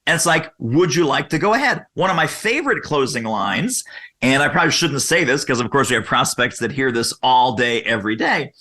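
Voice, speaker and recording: A man guest on a podcast interview, explaining sales methods energetically and acting out quoted questions in lively voices. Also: medium pitch, a little fast.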